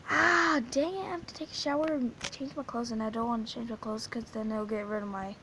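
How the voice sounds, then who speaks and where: A woman's voice: fairly high pitch, steady tone, fairly quick, hardly any pauses, background noise. A female gaming channel host giving casual, rambling gaming commentary, giggling and restarting her sentences often.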